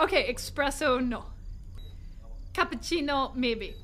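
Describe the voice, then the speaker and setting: A woman streaming a game live, excitable and talking to herself and the chat, laughing and swearing often. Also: high voice, slow. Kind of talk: live gameplay commentary.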